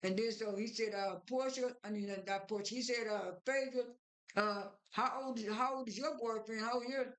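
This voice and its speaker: A woman's voice: on the high side, fairly even intonation, brisk. Rambling woman recapping a reality show. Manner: rambling, many repeated fillers and restarts. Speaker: recap vlogger.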